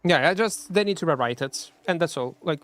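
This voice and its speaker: Brief: male game streamer, high voice, chatty and self-mocking, non-native English. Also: expressive, a little fast, fairly bright tone. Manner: self-mocking, talks to chat, hums between plays. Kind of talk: casual live-stream chat while playing.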